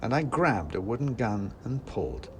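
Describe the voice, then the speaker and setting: A low-voiced man tells a scripted story in first person with dry, wry humor. His delivery rises and falls animatedly. Faint noise hums underneath. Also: moderate pace. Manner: dry and wry, with lively acted quotes.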